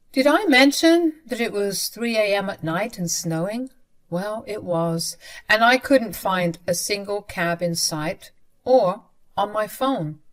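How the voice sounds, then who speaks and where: A young adult woman narrating a first-person story in a conversational way, speaking directly to her listeners. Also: on the low side.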